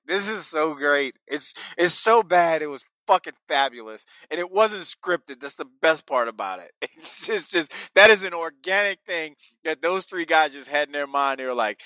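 A man with a fairly high, bright voice hosts a casual podcast, excitable and profane, laughing often. His close mic sounds dry, with no room around it. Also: normal speed, hardly any pauses, dry recording. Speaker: podcast host.

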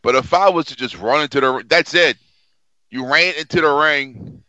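Blunt, foul-mouthed co-host, bright tone. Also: male voice, fairly high pitch, moderate pace, no echo, highs cut off. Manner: blunt, swears freely, teasing. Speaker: podcast co-host. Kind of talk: casual chat.

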